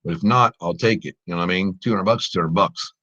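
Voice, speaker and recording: Man, stream host, bright voice, excitable running commentary, muffled lo-fi mic. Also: low-pitched, quick pace. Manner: exclaims and laughs often, talks to viewers as guys. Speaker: live trading stream host. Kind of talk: excited live commentary on trades.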